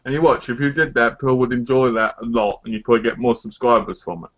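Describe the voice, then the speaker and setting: A man's voice: mid-range voice, steady tone, quick pace. A man co-hosting a casual live chat, giving blunt, insistent advice in a lecturing tone. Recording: dull lo-fi stream audio.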